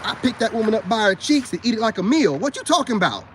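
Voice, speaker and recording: This self-styled spiritual advice vlogger speaks fast in a high, sing-song voice, with noisy sound behind him. Talking casually to camera, he boasts and preaches, addresses his viewers as brothers, and goes over his points again and again.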